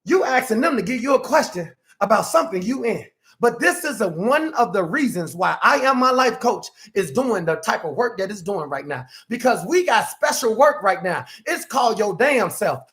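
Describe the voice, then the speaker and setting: High, bright-voiced preaching life coach man. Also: big pitch swings, normal speed, hardly any pauses. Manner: preacherly, emphatic, swings from soft to shouting; acts out quoted speakers in exaggerated voices. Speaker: self-empowerment life coach. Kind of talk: preaching motivational talk.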